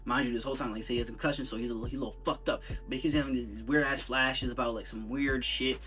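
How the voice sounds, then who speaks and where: A young man reviews a film in a loose, rambling rant thick with slang, sounding animated and incredulous. His voice is bright and forceful. He sits a bit back from the mic, with faint music underneath. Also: mid-range voice, racing, distant mic. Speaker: movie reviewer. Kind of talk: casual movie review rant.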